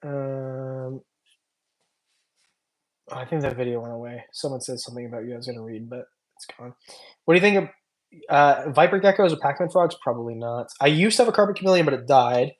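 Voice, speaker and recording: A man's voice: mid-range voice, brisk, pauses often. A man hosting a long casual livestream, reading chat comments aloud and joking loosely, tired after hours on air. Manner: loose, rambling, joking, many fillers. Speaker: reptile channel host.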